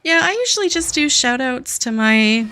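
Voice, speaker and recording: A woman streamer chatting casually with friends while gaming, easygoing and quick to laugh. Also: high voice, sing-song, bright, forceful tone.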